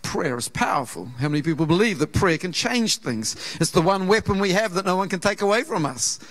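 A man with a New Zealand accent preaches from the pulpit in a fairly high voice for a man. He tells a personal story in an earnest, conversational way and slips into the voices of the people in it. His delivery moves between quick storytelling and slower, lower points of emphasis. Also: animated, a bit bright. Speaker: pastor. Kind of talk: sermon. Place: church auditorium.

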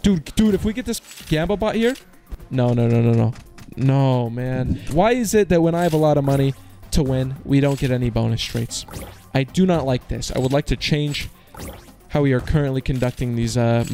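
An excitable young man in his twenties talks casually over a slot game, his slightly high voice leaping all over the place between groans and shouts. A faint music track plays behind him. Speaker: slot streamer. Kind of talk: casual gambling commentary.

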